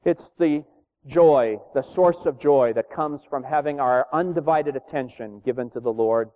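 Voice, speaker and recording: Earnest preacher man, tinny and echoey. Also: mid-range voice. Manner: earnest, reverent, measured with frequent "uh" pauses. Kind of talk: sermon. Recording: tinny phone-like sound in a reverberant hall.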